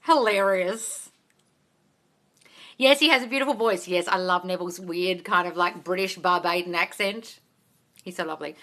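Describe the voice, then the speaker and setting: Blunt, bright-voiced woman coach. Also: lowish voice, moderate pace, long pauses. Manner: blunt, swears freely, calls viewers darling; reads viewer comments aloud and answers them. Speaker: manifestation coach. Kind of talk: livestream Q&A chat. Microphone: phone on a livestream.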